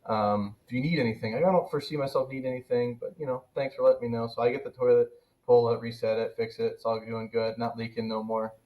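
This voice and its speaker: A man casually telling a funny work story on a podcast, animated and laughing as it builds. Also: medium pitch, fast talker, low-quality recording. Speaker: podcast co-host.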